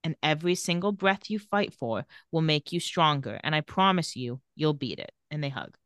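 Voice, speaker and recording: A woman co-hosting a laid-back recap podcast, walking through each scene and reading quotes without much colour. Her voice sits a little low. The sound is dry and close, with no room around it. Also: moderate pace, no echo. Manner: retells scenes and reads quotes in a flat voice. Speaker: podcast co-host. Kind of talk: casual recap chat.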